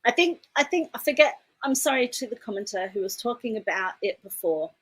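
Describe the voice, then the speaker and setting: A woman's voice: on the high side, lively intonation, fairly quick, a bit bright, breathy edge, low-quality recording. A woman from Detroit co-hosting a casual livestream chat, chatty and laughing often, with casual swearing. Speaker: co-host.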